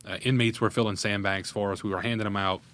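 A man's voice: fairly low pitch, steady tone, fast talker, a bit bright. A man, a parish president telling a candid, earnest story in an interview. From Louisiana, USA. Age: 30s. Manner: earnest, candid, recounting a crisis in detail. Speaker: parish president, podcast guest.

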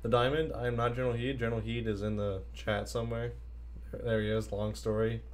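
Playful, low-voiced male game streamer. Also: little pitch movement, fairly quick, darkish tone, slight background noise. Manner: playful, chatty, reading and answering chat while playing. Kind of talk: casual live-stream chat.

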